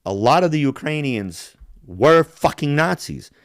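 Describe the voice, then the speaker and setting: A man's voice: fairly high pitch, expressive, unhurried, no echo, studio quality. A man ranting on a casual podcast, heated and profane, mimicking accents to make his point. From Balkans. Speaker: podcast host.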